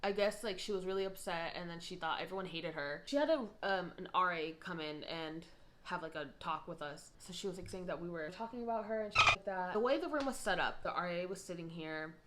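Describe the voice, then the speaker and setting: A young woman in her twenties tells a story in casual, rambling chat full of asides, getting louder and higher when indignant. She speaks briskly, with background noise behind her.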